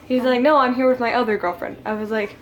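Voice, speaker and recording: A teenage girl vlogs a casual storytime to camera at a friend's home, rambling, laughing, and saying "like" constantly. Her voice is a little high, steady in tone, and quick, with a slight hiss or hum present.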